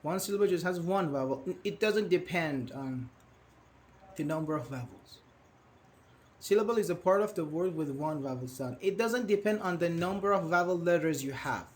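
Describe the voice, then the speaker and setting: A young man teaching English grammar in a live online class, patient and questioning, repeating words slowly. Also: on the high side, lively intonation, a little hiss or hum.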